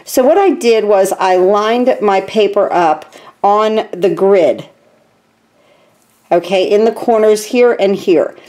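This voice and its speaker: A woman's voice: mid-range voice, slow, warm tone. Chatty woman teaching a card-making class. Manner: chatty and enthusiastic, with frequent ums. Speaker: stamping demonstrator. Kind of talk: chatty craft tutorial. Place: home craft room.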